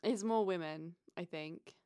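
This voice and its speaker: A woman's voice: fairly low pitch, a little slow, warm tone, clean tone, dry recording. A young British woman with a British accent co-hosting a podcast, talking candidly in casual chat. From Britain. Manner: candid, chatty. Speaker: podcast co-host.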